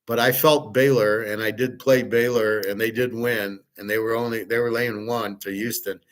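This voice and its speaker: A man hosts a sports betting talk with rambling, excited energy. He curses casually and trips over his own restarts as he runs through his picks. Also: on the low side, moderate pace. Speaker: sports betting show host.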